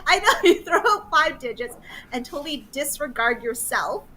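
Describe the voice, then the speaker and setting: A middle-aged woman from Canada telling a story casually, animated and laughing often, with some swearing. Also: sits high, moderate pace, a little hiss or hum, low-quality recording. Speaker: guest.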